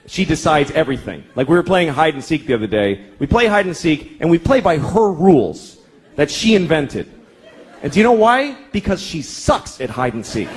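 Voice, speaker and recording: A man doing a crude, ranting stand-up comedy set. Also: fairly high pitch.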